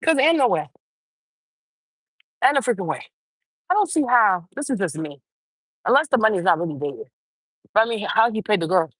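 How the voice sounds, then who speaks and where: A woman hosts her own uncensored commentary show, swearing freely and repeating her points with heavy emphasis. She sits close to the mic in a dry, dead room, and her voice is middle-pitched for a woman. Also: moderate pace, long pauses, breathy edge, dry recording. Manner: animated, emphatic, swearing, mimicking others mockingly.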